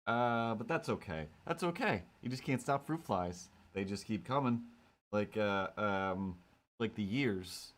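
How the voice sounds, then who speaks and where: Low, unhurried man chatting on stream. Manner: rambling, jokey, talks to himself. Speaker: streamer drawing cat comics. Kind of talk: casual live-stream chat.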